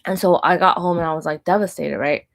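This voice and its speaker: Woman in her 30s rambling thru a personal story, lots of "like", kinda low voice. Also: steady tone, fast, creaky. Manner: rambling, filler-heavy with frequent "like" and restarts. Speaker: Christian minister and vlogger.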